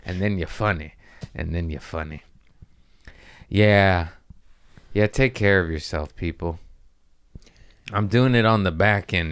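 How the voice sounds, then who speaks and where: A male comedian hosting his podcast, chatting casually and swearing as he rambles through a story. His voice sits fairly low and sounds smooth and resonant. The mic is close and the sound is dry, with no room in it. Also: dry recording. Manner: rambling, profane storytelling with jumps in pitch on punchlines. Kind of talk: casual chat.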